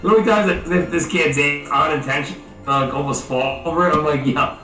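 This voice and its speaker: A man's voice: a little high, a little fast, pushed and bright. A man in his thirties, co-hosting a podcast, telling crude stories with lots of swearing and laughter over a remote call. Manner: rambling, laughing, swears a lot. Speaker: podcast co-host. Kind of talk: casual crude chat. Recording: roomy echo, distant from mic, faint music.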